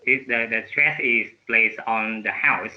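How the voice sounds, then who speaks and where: A man's voice: on the low side, measured pace, narrow, tinny audio. A man learning English who answers and asks questions in class, hesitating often and searching for words.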